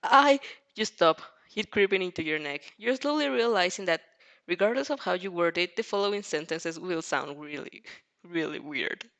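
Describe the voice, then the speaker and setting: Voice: mid-range voice, lively intonation, normal speed, fairly bright tone. A fanfic reader narrating a story aloud in a casual way, often stumbling over words and breaking into laughter. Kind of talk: reading a fanfic aloud with reactions.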